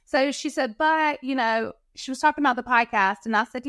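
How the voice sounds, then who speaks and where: A woman telling stories as a podcast guest in casual talk, animated and acting out quoted dialogue. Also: high-pitched, a little fast, dry recording, clean studio sound. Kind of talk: casual storytelling interview.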